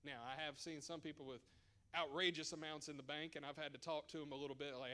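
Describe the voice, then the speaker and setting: A man's voice: a little high, fast, pushed and bright. A man presenting at a church seminar as a financial advisor, conversational and emphatic with joking asides.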